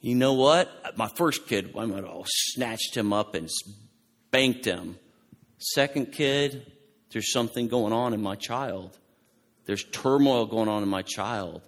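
A male pastor giving an animated, conversational sermon, with frequent restarts as he talks. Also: fairly low pitch, slow pace, big-room sound.

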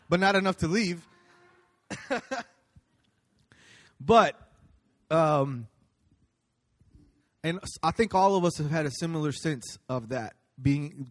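A man speaking at a church, giving a casual sermon in a conversational, storytelling way with many ums and restarts. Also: a little high.

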